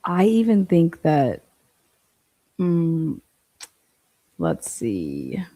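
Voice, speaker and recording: A woman's voice: low voice, huge pitch swings, extremely slow, mellow, dry recording. A woman hosting a livestream, reacting crudely and sarcastically to a TV clip, swearing and laughing often. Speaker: livestream host. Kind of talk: casual reaction commentary.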